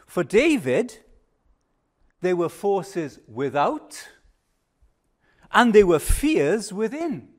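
Older man, sermon, high voice, unhurried delivery, emphatic then hushed. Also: sing-song. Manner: slow, measured preaching with emphatic rises and hushed pauses. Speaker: preacher.

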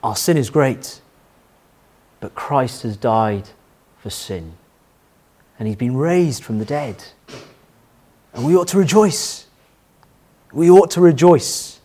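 Sermon: middle-aged pastor, lively pitch, emphatic, repeats lines. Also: male voice, takes it slowly, long pauses. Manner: anecdotal, emphatic, repeats key phrases.

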